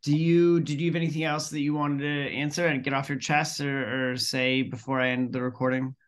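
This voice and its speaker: A man's voice: mid-range voice, little pitch movement, a little fast. A man hosting a casual interview, joking and easygoing. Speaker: host.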